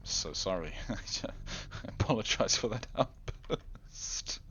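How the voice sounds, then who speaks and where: A man's voice: on the low side, lively intonation, takes it slowly, bright, forceful tone, a little hiss or hum. A man hosting his gaming channel, rambling in casual gameplay commentary, self-deprecating and talking straight to the viewer.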